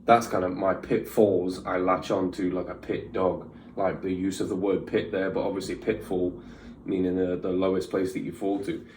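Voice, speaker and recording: A man's voice: low-pitched, a little mellow, echoey room, far from the mic. A man hosting a reaction video, thinking aloud in casual commentary, repeating lines and stumbling over his words.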